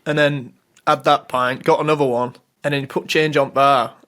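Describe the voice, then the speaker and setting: A man's voice: mid-range voice, steady tone, normal speed, a bit bright. A man, co-hosting a podcast and telling stories about pet peeves in casual chat. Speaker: podcast co-host.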